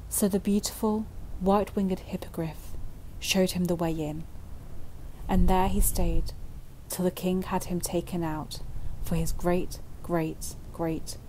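Mellow, low-voiced woman reading a bedtime story. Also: fairly even intonation, slow, a little hiss or hum, poor audio.

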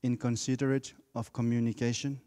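A man's voice: medium pitch, little pitch movement, brisk, dark tone, long reverb tail. A man preaching a sermon in a church, speaking emphatically and repeating key words for effect.

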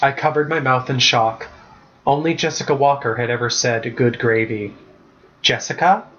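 Male author narrating his book, steady and even, mid-pitch, muffled lo-fi sound. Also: normal speed. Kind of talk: storybook narration. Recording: muffled lo-fi recording.

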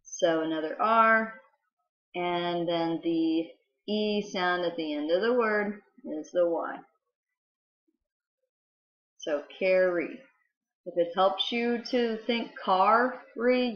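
A patient woman walks young children through a spelling lesson, sounding out each letter. She speaks at an unhurried pace. The recording is roomy and somewhat dull, like a simple home setup. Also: mid-range voice. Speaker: teacher.

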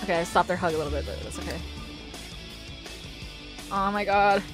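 A woman giving excitable, foul-mouthed commentary on a life-sim game, squealing and shouting at what happens. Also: lowish voice, brisk, faint music behind. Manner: excitable, swears a lot, squeals and shouts in bursts. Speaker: gamer.

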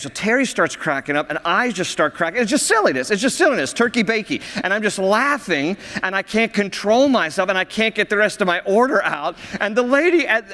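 Jovial high-voiced pastor in an echoing hall. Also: male voice, bright, forceful tone. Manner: jovial, laughs often at his own stories. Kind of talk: sermon with humorous storytelling. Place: church sanctuary. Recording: reverberant church hall.

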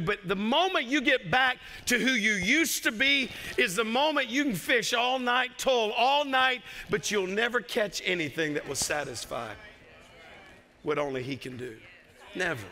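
A man's voice: high voice, animated, moderate pace, sharp tone. A male pastor with a Southern US accent preaching an impassioned sermon, with joking asides and bursts of raised voice. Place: church sanctuary. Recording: long church hall reverb.

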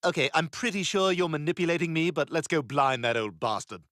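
Man voicing a sly deadpan cartoon guy, lively pitch. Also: fairly quick, lightly acted.

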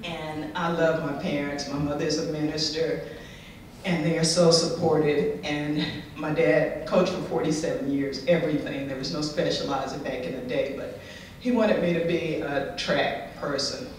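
A woman's voice: low-pitched, steady tone, moderate pace, slight background noise. A middle-aged woman giving an inspirational conference talk, telling her own story with candid humor. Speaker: conference speaker. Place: large conference hall. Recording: echoey hall, distant mic.

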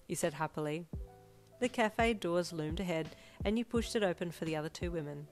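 A woman reading a second-person fanfiction story aloud in a calm, storytelling manner. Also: lowish voice, brisk. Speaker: fanfiction reader. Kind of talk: scripted narration. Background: soft lofi piano music.

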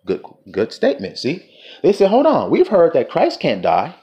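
Impassioned preacher man, lively pitch. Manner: fervent, questioning the audience, drawn-out quotes. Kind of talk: impassioned sermon with scripture reading.

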